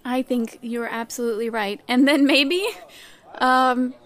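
A fairly high-pitched woman running a tabletop role-playing game as game master. She talks in an animated, chatty way, slipping into playful character voices. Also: unhurried.

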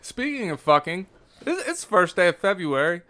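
A man's voice: high-pitched, very animated, moderate pace, bright, forceful tone. Wisecracking male podcast host. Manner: wisecracking, crude jokes. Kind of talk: casual joking chat.

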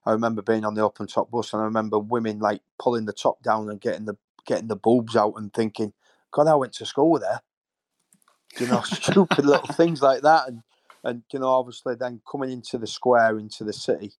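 A former footballer from Hull, England, a man in his 50s, tells stories in a casual interview, rambling, repeating words and getting emotional. His mid-range voice holds a steady tone at a fairly quick pace. The recording is dry.

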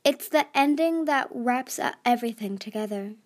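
A woman voicing a scheming female desert dragon who speaks smoothly, with a purr. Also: a little high, expressive, moderate pace, natural voice. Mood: silky. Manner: smooth, purring.

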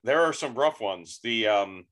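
Brief: American male host, halting casual chat, bright tense tone. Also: on the low side, expressive. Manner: halting, many restarts and fillers. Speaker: podcast host.

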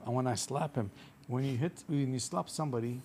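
A man's voice: medium pitch, a little fast, very noisy. A man from the Middle East, the host's father, speaking in broken English and laughing as he talks.

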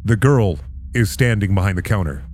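A man serving as dungeon master, narrating a tabletop game in a calm, descriptive way. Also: lowish voice, normal speed, slight background noise. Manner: calm descriptive narration, casual swearing out of character.

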